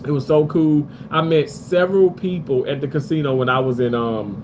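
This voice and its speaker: A man's voice: a little high, fairly even intonation, moderate pace, a little hiss or hum. A man on a live stream from a hotel room, talking loosely with his viewers and reading their comments aloud, full of fillers. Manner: loose, rambling, many fillers.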